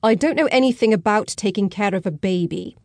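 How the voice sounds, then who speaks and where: A woman's voice: a little high, lively intonation, unhurried, darkish tone, no room sound, clean studio sound. A woman voicing a tall, flustered man who argues angrily and pleads with his partner not to leave. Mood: angry. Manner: angry, pleading. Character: flustered tall man, English-sounding accent.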